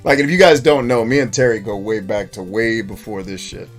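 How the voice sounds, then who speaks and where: A man's voice: fairly low pitch, fairly quick, soft background music. A man streaming a retro game, chatting casually with viewers and reading their comments, swearing freely and laughing often. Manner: animated, profane, laughs often. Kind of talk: casual live-stream chat.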